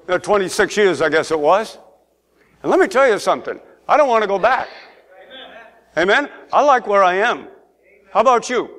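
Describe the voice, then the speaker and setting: A man's voice: sits high, fairly bright tone. A middle-aged man preaching a sermon in church, calling for amens and climbing to emphatic peaks. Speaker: pastor. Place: church sanctuary.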